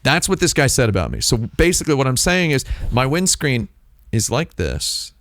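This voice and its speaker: With his mouth pressed to a close dynamic mic, a stream host rambles through playful, jokey chat in a medium-pitched, slightly bright voice. His pitch swings widely, and he talks at normal speed.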